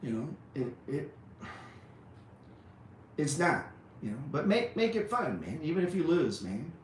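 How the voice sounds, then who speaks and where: A male trading teacher rants profanely and bluntly to motivate, tossing in "man" and "dude" throughout. His fairly high voice is sing-song and a little slow, captured far from the mic in an echoey space with slight hiss or hum.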